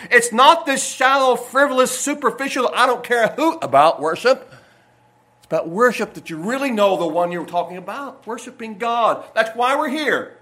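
High, bright-voiced folksy pastor. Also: male voice. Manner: folksy, rambling asides with sudden loud bursts. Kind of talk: sermon. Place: church sanctuary.

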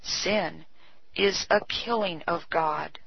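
A woman reading old devotional writings aloud in a measured, solemn cadence. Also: fairly low pitch, creaky, slightly rough, no room sound. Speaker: devotional reader. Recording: dull lo-fi recording.

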